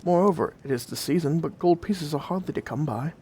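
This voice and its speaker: A man's voice: on the high side, fairly quick, dark tone, breathy edge. A man voicing a poor old countrywoman, a practical wife who fusses in disbelief, in a told story. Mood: disbelieving. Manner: fussy and disbelieving.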